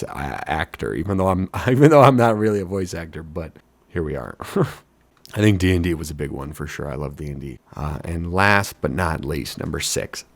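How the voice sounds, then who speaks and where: A young man, a wedding DJ, talking in a casual, jokey, mock-boastful way about his deep announcer voice. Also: dry recording. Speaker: wedding DJ and hobby voice actor. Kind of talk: casual self-mocking vlog talk.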